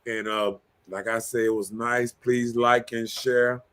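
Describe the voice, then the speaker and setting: A man's voice: mid-range voice, little pitch movement, measured pace, heavy background noise. A man hosting a casual live-stream chat, joking and laid-back as he talks. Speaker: show host.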